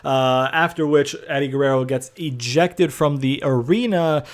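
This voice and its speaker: A man's voice: medium pitch, normal speed. A young man casually recapping a wrestling game session, rambling with lots of fillers and the odd swear word. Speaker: gaming video host.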